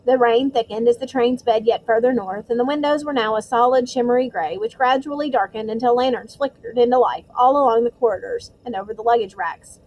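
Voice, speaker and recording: A woman reads a novel aloud in an expressive storytelling voice, stumbling over a word now and then. Her voice sits fairly high, with faint noise in the background. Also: brisk, few pauses, rough recording. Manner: expressive storytelling with occasional slips. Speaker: narrator. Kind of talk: audiobook reading of a novel.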